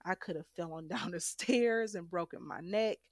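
A woman's voice: lowish voice, moderate pace, no echo, clean studio sound. A young woman frankly and emphatically telling a personal story as a guest.

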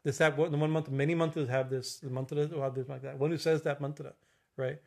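Middle-aged guy, kinda high voice, rambling spiritual talk, lots of uh and right?. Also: steady tone, gravelly. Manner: halting, many fillers and restarts, keeps asking "right?". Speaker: spiritual teacher. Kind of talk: informal religious talk.

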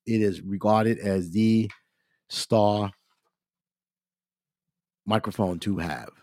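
A man hosting a podcast, talking casually about equipment while congested and clearing his throat, often calling his listeners "ladies and gentlemen". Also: deep voice, no echo, studio quality. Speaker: podcast host. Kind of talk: casual gear talk.

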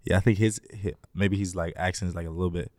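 A man's voice: low voice, steady tone, fast, a little mellow, no echo, clean studio sound. A young man in his twenties from Greece who speaks with an American accent, answering interview questions in a laid-back way with lots of fillers. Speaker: guest, basketball player.

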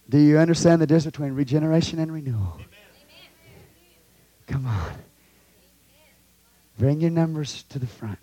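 A fervent pastor preaching to his congregation in a church. His voice sits fairly high for a man and swings wide, from hushed, intimate prayer to ringing exhortation. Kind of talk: sermon. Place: church sanctuary.

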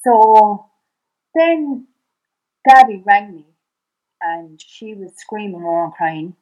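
A middle-aged Irish woman speaks as a guest in a conversation, her voice sitting at an ordinary pitch. She tells her story in quick, broken bursts and acts out the exchanges. She keeps circling back and restarting her sentences. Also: animated, dark tone, poor audio. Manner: fast, halting retelling that acts out past dialogue, with many restarts. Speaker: podcast guest.

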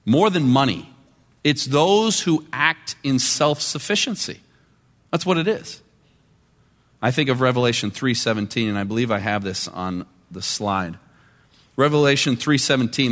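Male pastor, conversational sermon delivery with quiet and emphatic turns, recorded in a reverberant church hall. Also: mid-range voice, moderate pace. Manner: conversational preaching, shifting between quiet and emphatic. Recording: long reverb of a large hall.

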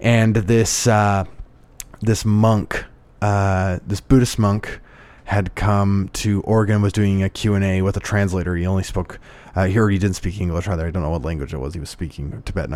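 A man's voice: low voice, darkish tone. A man talking in a casual conversation, reflective and storytelling, with frequent restarts.

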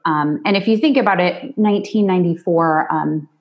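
Very low-voiced woman attorney guest. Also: muffled recording. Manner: measured, many "um" pauses. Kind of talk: interview answers.

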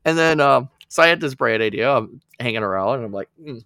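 A man's voice: medium pitch, expressive, quick pace, gravelly, sharp tone, dry recording, clean studio sound. A man co-hosting a podcast, telling a rambling story in casual chat, laughing often and acting out his friends' lines. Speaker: podcast co-host.

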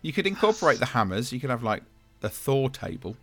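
A man's voice: medium pitch, big pitch swings, fast, faint music behind. A man in his thirties hosting a podcast, chatting casually and teasing his co-hosts. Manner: joking, teasing. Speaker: podcast host. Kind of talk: casual chat.

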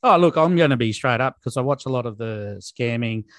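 An Australian man with a middle-pitched voice co-hosts a casual podcast chat. He talks with an exasperated edge and stumbles over his words, repeating them as he restarts. The mic is close and dry. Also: expressive, fairly quick, no echo. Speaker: podcast co-host.

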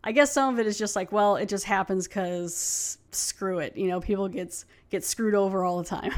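A woman's voice: mid-range voice, normal speed. A woman hosting a podcast, talking through an episode in a chatty, rambling way. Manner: chatty, rambling with many fillers. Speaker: podcast host. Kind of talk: casual chat.

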